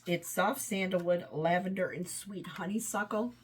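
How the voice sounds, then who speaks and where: A woman's voice: lowish voice, normal speed, a little hiss or hum. Chatty woman reviewing home scents. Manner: rambling, enthusiastic, trails off often. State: voice tiring, run down. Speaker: home fragrance vlogger. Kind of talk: casual product review.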